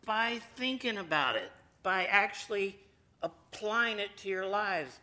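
A man leads a casual Bible teaching in a bright, slightly high voice. He talks in a folksy, chatty way and drops playful asides to the group as he goes. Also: expressive, measured pace. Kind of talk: informal sermon to a group.

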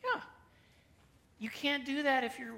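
Folksy guy teaching a bible class, kinda high bright voice, chatty and joking around. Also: expressive, a little slow. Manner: folksy, chatty, with playful asides. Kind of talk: informal sermon to a group.

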